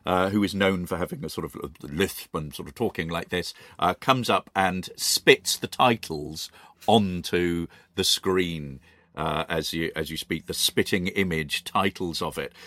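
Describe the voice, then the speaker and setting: Bright-voiced hesitant British man chatting. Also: on the low side, dry recording, studio quality. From Britain. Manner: hesitant, lots of ums and restarts. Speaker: podcast co-host. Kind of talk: casual chat.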